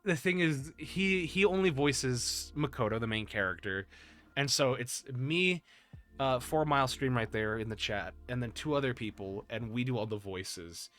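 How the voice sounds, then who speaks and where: A man's voice: medium pitch, lively intonation, moderate pace, fairly bright tone, faint music behind. A man hosting a casual podcast chat, rambling and restarting his sentences as he goes. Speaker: podcast host.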